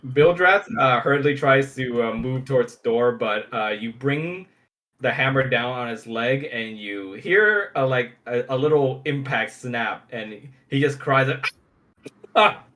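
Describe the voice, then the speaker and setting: Game master, male, halting narration with lively pitch. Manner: halting, full of fillers and restarts.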